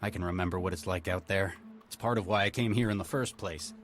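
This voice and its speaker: Man playing a calm low-voiced Texan negotiator. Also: a little hiss or hum, close to an everyday voice. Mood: steady. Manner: measured, persuasive. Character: calm middle-aged male negotiator doctor. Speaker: negotiator doctor. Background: game music.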